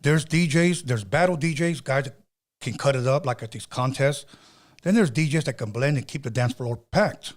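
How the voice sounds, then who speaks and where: A middle-aged man hosting a podcast, telling stories in a loose, animated way with slang and cursing. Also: medium pitch, normal speed. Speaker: podcast host. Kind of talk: casual storytelling chat.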